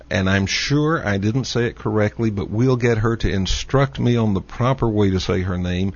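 A man with a Texas accent hosting a talk show, speaking slowly with many pauses and fillers as he introduces and interviews a guest. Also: fairly low pitch. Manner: slow, halting, with many "uh" fillers. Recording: dull lo-fi audio.

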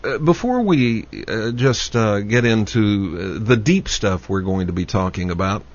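A man with a Texas accent hosting a talk show, speaking slowly with many pauses and fillers as he introduces and interviews a guest. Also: on the low side. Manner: slow, halting, with many "uh" fillers. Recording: dull lo-fi audio.

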